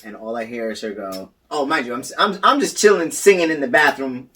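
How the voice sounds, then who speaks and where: A man co-hosting a podcast, telling stories in casual chat, animated and acting out quotes. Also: mid-range voice, brisk, recorded from a distance. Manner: animated storytelling, acts out quotes, swears, laughs a lot. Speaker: podcast co-host.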